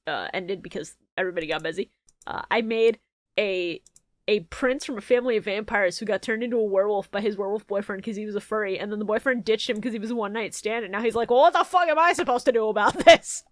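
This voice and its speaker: A woman co-hosting a casual podcast, excitedly bantering and swearing freely. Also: medium pitch, quick pace, dry recording. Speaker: podcast co-host. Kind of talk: casual chat.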